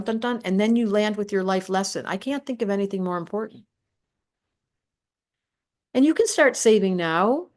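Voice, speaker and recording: An older woman presenting a live online astrology class, talking emphatically and directly to her viewers. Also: medium pitch. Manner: animated, emphatic teacher addressing viewers directly.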